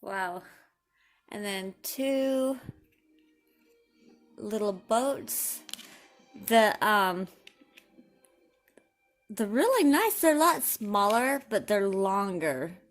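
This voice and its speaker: A woman, chatting excitedly to viewers while unboxing craft supplies. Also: mid-range voice, extremely slow, pauses often, faint music behind. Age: 40s. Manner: gushing, excitable, talks to viewers. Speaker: crafting vlogger. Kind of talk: casual unboxing commentary.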